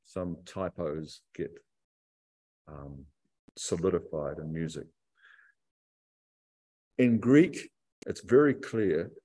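Man, pastor, sermon in church, unhurried, lowish voice, emphatic and reflective. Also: dark tone. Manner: reflective, emphatic, stretches key phrases slowly.

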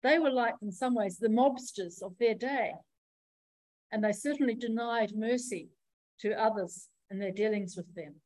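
A woman preacher giving a sermon in a measured, reflective teaching manner, pausing often as she explains. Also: a little high, darkish tone, no room sound, rough recording.

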